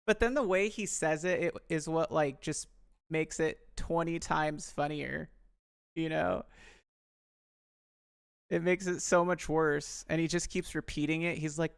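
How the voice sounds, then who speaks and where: A man's voice: fairly high pitch, steady tone, unhurried, vocal fry, clear, resonant tone, dry recording, studio quality. A young man rambling on a live stream, talking to his viewers and poking fun at himself. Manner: chatty, self-deprecating, addresses viewers.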